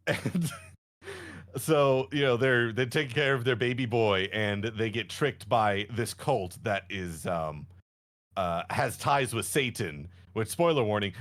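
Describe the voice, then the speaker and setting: A man's voice: mid-range voice, fairly bright tone. A man co-hosting a podcast, laughing often and acting out characters with exaggerated voices while retelling a story. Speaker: podcast co-host. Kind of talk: casual chat, animated retelling.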